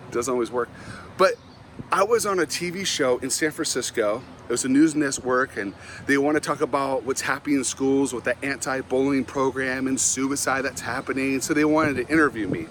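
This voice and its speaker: A middle-aged man, a Christian motivational speaker, telling humorous stories about himself in an animated, self-mocking way and often laughing at his own tales. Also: mid-range voice, normal speed, slight background noise. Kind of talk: humorous storytelling talk.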